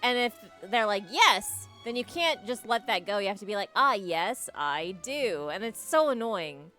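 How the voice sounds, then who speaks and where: A woman's voice: on the high side, expressive, brisk, fairly bright tone, faint music behind. Chatty, joking woman streamer. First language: English. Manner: chatty, joking and self-mocking with frequent laughs. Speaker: game streamer. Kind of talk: casual live-stream chat while gaming.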